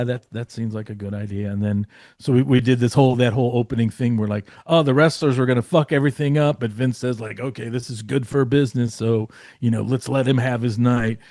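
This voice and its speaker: A man spins a loose, rambling backstage story, stuffed with "like" and "you know" and the odd curse. His voice sits at an ordinary middle pitch. The recording is dry and close, with no room sound. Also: steady tone, fairly quick, a little mellow, no echo. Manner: rambling, many fillers and restarts, swearing. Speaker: guest writer. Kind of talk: casual storytelling.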